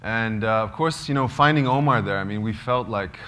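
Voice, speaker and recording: Give me a man recounting a story to a gathered audience, sharp and forceful in tone, pausing to search for words. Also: fairly low pitch, slight background noise. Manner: halting, searching for words, many "you know"s. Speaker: filmmaker telling a true story. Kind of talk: storytelling to a small live group. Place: cozy lodge hall gathering.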